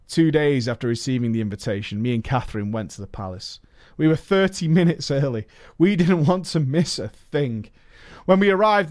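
A man's voice: medium pitch, a little mellow, no echo, studio quality. Playful man telling a comedic story. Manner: playful, chuckles at his own story.

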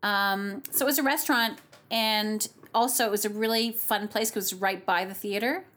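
A woman opera singer chatting as a podcast guest, telling animated stories with lots of giggling. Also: mid-range voice, normal speed. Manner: giggly, animated storyteller who acts out voices. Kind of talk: casual podcast chat.

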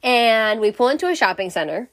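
A woman's voice: a little high, very animated, a little fast, a bit bright. A young woman telling a storytime vlog in a blunt, exasperated, profane way. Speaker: vlogger.

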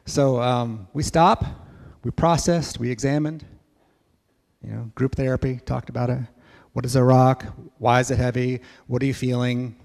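A man telling a story in a sermon at church, lively and acting out voices. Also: mid-range voice, normal speed, vocal fry, long reverb tail. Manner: animated storyteller, acts out kids' voices. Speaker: church speaker.

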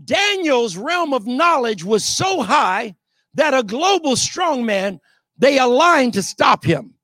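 Fiery male preacher, high voice, shouting, dry close sound. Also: sing-song, slow pace, no echo. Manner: emphatic, often shouting, rhetorical calls to the crowd. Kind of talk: sermon.

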